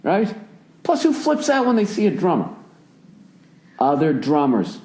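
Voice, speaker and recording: A man in his forties from the United States, hosting a casual podcast chat and telling stories with lots of swearing and sudden jumps up in pitch when he rants. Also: a little slow. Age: 40s. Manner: profane, animated storyteller who swings his voice up high when ranting. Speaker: podcast host.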